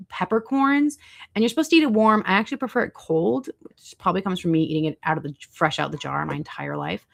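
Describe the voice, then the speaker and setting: With a lowish, gravelly voice, this livestream host chats away casually, responding to her viewers' messages and looking up foods online while she talks.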